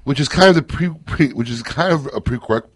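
A man's voice: medium pitch, a little fast, slightly rough, dry recording. A man hosting a casual radio talk show, joking, laughing often and telling stories with energy. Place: radio studio.

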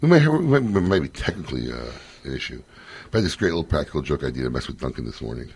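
A man's voice: very deep voice, very animated, very fast, a little mellow, slightly rough. A man hosting a radio show, chatting casually, joking and laughing often.

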